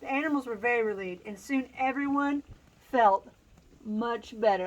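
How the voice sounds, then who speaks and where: A woman's voice: fairly high pitch, moderate pace, highs cut off. A woman hosting a casual picture-book read-aloud outdoors on a farm, laughing often and making playful asides to her animals.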